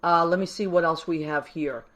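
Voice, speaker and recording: A woman's voice: on the low side, steady tone, normal speed, a bit bright. A woman from Massachusetts hosting a live call-in show, chatty, effusive and affectionate, rambling a little as she goes. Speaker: host.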